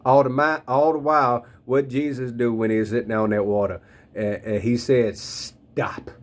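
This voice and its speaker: Talking straight to his listeners at a moderate pace, a thirtysomething man offers a rambling, slangy reflection on his faith. His voice is mid-range with a level tone.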